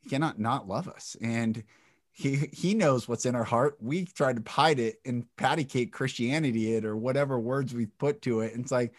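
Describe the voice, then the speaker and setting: Male guest, mid pitch, dry close sound, intense and emotional delivery with loose swearing. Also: normal speed, dry recording. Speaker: podcast guest. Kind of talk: candid interview talk.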